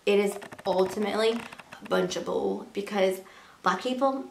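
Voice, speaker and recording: A woman's voice: medium pitch, moderate pace, creaky, slight background noise. A young woman vlogging to camera in a casual, earnest way, full of rhetorical questions. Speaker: beauty and lifestyle vlogger. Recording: echoey room.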